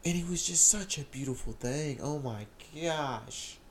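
Young man with a gravelly voice telling an emotional testimony. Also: a little high, unhurried, slight background noise. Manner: emotional, excited storytelling with repeated phrases. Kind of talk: personal testimony.

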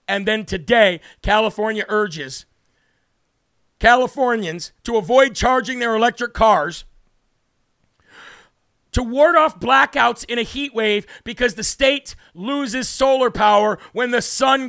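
A man with a high, bright voice and a gravelly edge tears through a political commentary as host, mocking and indignant. His sound is close and dry, with no room around it. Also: no echo. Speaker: political talk show host. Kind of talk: heated political commentary monologue.

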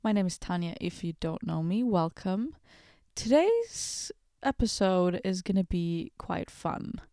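A woman's voice: lowish voice, sing-song, a little slow, warm tone, no room sound, clean studio sound. A woman hosting a casual solo podcast, rambling and giggling with self-deprecating jokes, wired on late-night coffee. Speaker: podcast host. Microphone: podcast microphone.

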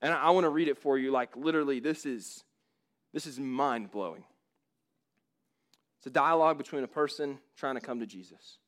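A man's voice: mid-range voice, brisk, pauses often, a bit bright. A man preaching a sermon in an informal, emphatic way, with frequent casual fillers. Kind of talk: conversational sermon.

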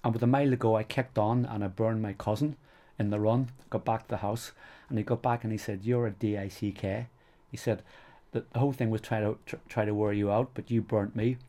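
A middle-aged man with a Northern Irish accent speaks in a fairly low voice. He tells stories as an interview guest in a chatty, rambling way, padding his sentences with "you know". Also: fairly even intonation, brisk, few pauses, mellow. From Northern Ireland. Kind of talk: casual storytelling interview.

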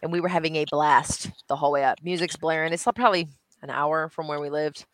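A woman's voice: deep voice, steady tone, a little fast, dry recording. A woman talking in casual chat on a podcast, eager to jump in with her own stories. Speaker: podcast guest.

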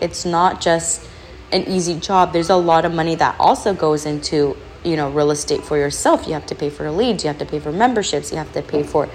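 A young woman with a lowish voice vents in a loose, rambling podcast monologue, full of "like" and "literally". She sounds a little worn down from back pain. The poor mic leaves a faint hiss underneath her. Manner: candid, rambling, frequent "like" and "literally". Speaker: podcast host. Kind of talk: casual venting monologue.

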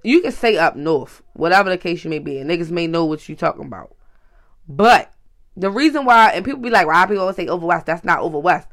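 Baltimore man, high pitch, blunt profane vlog rant, keeps checking in with the listener. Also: expressive, fairly quick, a bit bright. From Baltimore, USA. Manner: profane, emphatic, keeps saying "you feel me". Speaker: vlogger. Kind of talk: casual ranting monologue.

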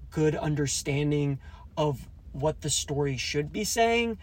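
A man hosting a solo movie review podcast, ranting and joking in a mock-secretive way, acting out quoted lines in a raised voice. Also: a little high. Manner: jokey, ranting, mock-conspiratorial. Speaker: podcast host.

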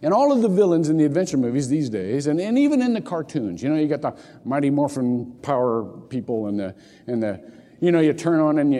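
An older man preaching a sermon as pastor, telling jokey stories with lots of repeated words. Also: mid-range voice. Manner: animated storytelling, jokey asides, repeats words. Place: church sanctuary. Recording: long hall reverb.

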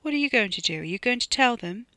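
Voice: mid-range voice, lively intonation, quick pace, sharp tone, dry recording, voice pushed up. A narrator voicing Dono, a suspicious, menacing young man with a pistol, in an audiobook reading. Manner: sneering, demanding.

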